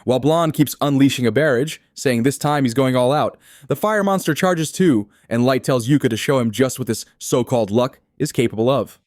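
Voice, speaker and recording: A man retelling a comic story in steady, scripted third-person narration. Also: medium pitch, fairly quick, hardly any pauses, no room sound, studio quality. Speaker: recap narrator.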